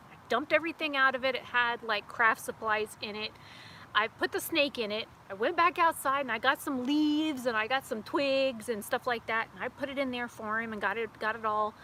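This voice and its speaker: Chatty woman with a bright high voice. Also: normal speed, a little hiss or hum. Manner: chatty, animated storyteller with laughs. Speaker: beauty vlogger. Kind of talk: casual storytelling vlog. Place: outdoors near a house.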